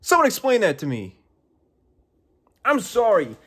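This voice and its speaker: A man's voice: fairly high pitch, big pitch swings, moderate pace, breathy edge. A young man giving casual game commentary, exasperated and profane, often incredulous. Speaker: game reviewer.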